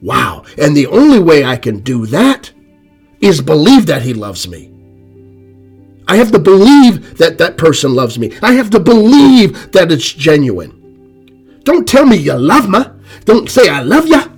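A man preaching a sermon, emphatic and repetitive, swinging from loud rises to soft drops. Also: a little high, big pitch swings, unhurried, slightly rough, soft background music.

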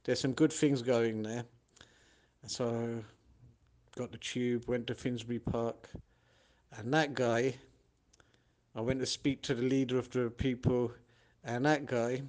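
A man from tells his own stories in an easygoing, conversational way. His voice sits at an ordinary middle pitch, and he gets lively whenever he acts out what someone else said. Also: unhurried, long pauses. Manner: animated, acts out other people's lines. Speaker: podcast host telling his own stories. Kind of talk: casual storytelling monologue.

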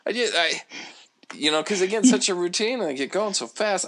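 A man's voice: high voice, expressive, brisk, a bit bright. A man co-hosting a podcast, chatting casually in an easygoing way and speaking to listeners. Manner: easygoing, agreeable, addresses listeners. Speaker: podcast co-host. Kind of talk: casual chat.

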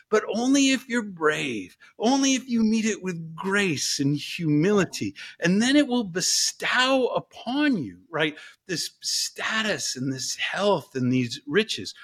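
A man, a professor, telling stories as a guest in an interview in an animated, playful way. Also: high voice, breathy edge.

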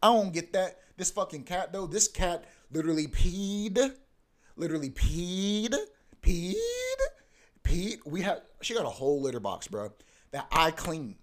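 A man's voice: high-pitched, expressive, measured pace. A young man hosting a podcast in a casual, profane, ranting monologue that keeps coming back to "bro.". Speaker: podcast host.

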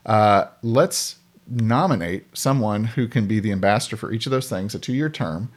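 A podcast guest with a fairly low male voice, speaking at normal speed, shares anecdotes in casual conversation and animatedly imitates the people in them.

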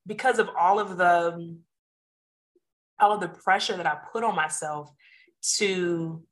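A woman's voice: lowish voice, unhurried. A woman in her thirties, a physician guest on a podcast, chatting casually and telling stories with voices for the people in them. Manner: animated storyteller who acts out quoted voices.

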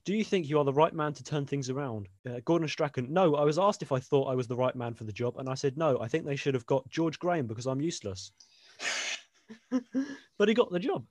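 A man's voice: medium pitch, animated, quick pace, darkish tone, no echo. A young man co-hosting a casual podcast, reading funny sporting quotes aloud and laughing often. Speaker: podcast co-host.

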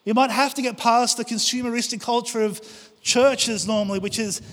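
A man's voice: extremely high pitch, little pitch movement, normal speed. A man preaching a passionate sermon to his church, acting out prayers and quotes. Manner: impassioned, acts out prayers and quotes. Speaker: pastor. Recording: long hall reverb.

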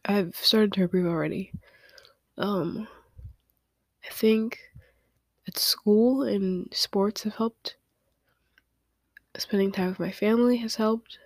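A young woman hosting a podcast, talking through tears in a halting confessional monologue and often dropping to a whisper. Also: mid-range voice, a little mellow, dry recording, clean studio sound. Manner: tearful, halting, many fillers, often drops to a whisper. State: crying. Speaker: podcast host.

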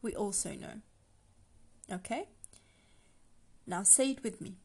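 A woman teaching a language lesson on a podcast, patient and slow, breaking phrases down for the listener to repeat. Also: medium pitch, dark tone, slightly rough.

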